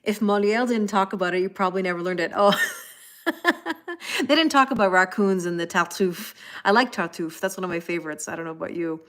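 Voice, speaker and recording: A woman's voice: mid-range voice, fairly quick. Chatty woman doing a live tarot reading. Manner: chatty, greets viewers by name, laughs often. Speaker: tarot reader. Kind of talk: casual live-stream card reading.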